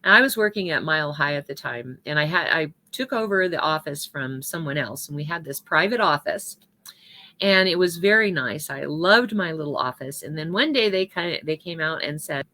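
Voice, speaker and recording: A woman speaks in a bright, forceful voice that sits a little low. She gives a spiritual talk in a loose, conversational way, telling a personal story. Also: animated, moderate pace.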